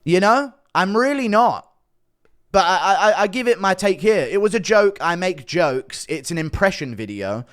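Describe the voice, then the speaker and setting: A man's voice: sits high, expressive, moderate pace, fairly bright tone, clear, resonant tone. A man ranting casually as an online commentator, defensive and sarcastic, swearing often. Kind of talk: casual rant to camera.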